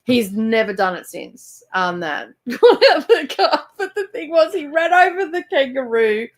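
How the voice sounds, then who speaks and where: Animated Australian woman telling stories. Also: sits high, moderate pace. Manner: animated storyteller, laughs often. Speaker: co-host of a live reading stream. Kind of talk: casual chat. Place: rural home library.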